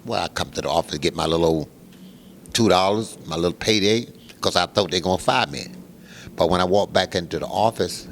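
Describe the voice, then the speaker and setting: An older man telling a long story in an interview, animated and acting out the other people's lines. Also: low-pitched, a little hiss or hum. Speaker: guest musician.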